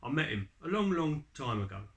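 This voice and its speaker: A man voicing a big, cautious gruffalo father in a storybook reading, speaking in a grave and deliberate way. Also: a little high, big pitch swings. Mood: solemn.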